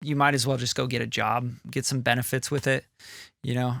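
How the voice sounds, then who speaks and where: A man's voice: medium pitch, level tone, fairly quick, gravelly, a bit bright, no room sound. A middle-aged man co-hosting a music podcast, talking loosely and rambling, swearing casually. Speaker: podcast co-host, music producer. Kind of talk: casual chat.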